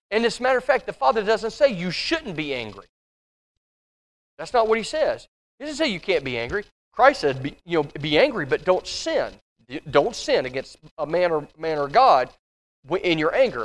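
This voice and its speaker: A fairly high-voiced man leads a church Bible study, talking it through conversationally. He stops to read scripture aloud, then explains it, often repeating words and restarting. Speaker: Bible class teacher. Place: church classroom.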